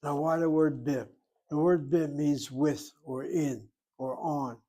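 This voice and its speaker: A man's voice: fairly high pitch, fairly even intonation, slow, mellow. An older man giving a methodical Hebrew grammar lecture, explaining each point step by step. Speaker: Hebrew teacher.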